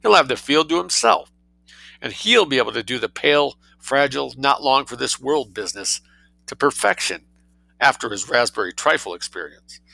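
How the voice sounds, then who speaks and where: A man gives voice to a prim, calculating young girl who bargains with cold, polite dignity. The voice is bright and somewhat low, with lively swings in pitch and a gravelly edge, recorded dry and close. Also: moderate pace, no echo, poor audio. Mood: chatty scheming. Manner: cold dignity, coolly mercenary.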